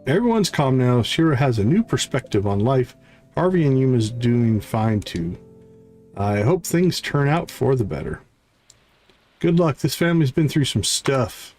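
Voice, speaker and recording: A man's voice: medium pitch, big pitch swings, measured pace, a little mellow, faint music behind. Man giving wry livestream game commentary. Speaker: streamer.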